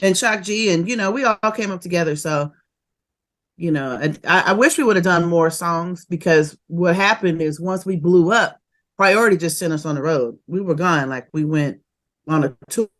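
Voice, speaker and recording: A woman, a rapper telling stories of her early career in a casual interview, animated and quick to laugh. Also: lowish voice. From Oakland, California. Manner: animated and laughing, fast bursts of memories.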